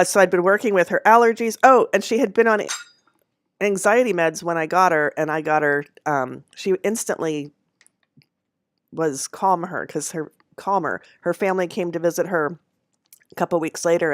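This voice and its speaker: A woman with a low voice tells a personal story casually to her viewers. She rambles, corrects herself and laughs often. The sound is close and dry. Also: dry recording. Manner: rambling, with fillers and self-corrections. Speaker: handknitter.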